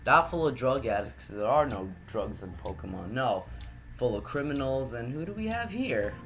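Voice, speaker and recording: A man's voice: mid-range voice, very animated, normal speed, fairly bright tone, a little hiss or hum. A man from New York hosting a let's play, rambling and self-correcting in casual gameplay commentary and swearing casually. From New York, United States.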